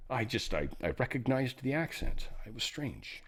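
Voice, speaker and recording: A man's voice: mid-range voice, very animated, normal speed, a bit bright, breathy edge. A man hosting a casual news commentary show, rambling and sarcastic, swearing now and then and slipping into mock voices. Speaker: host.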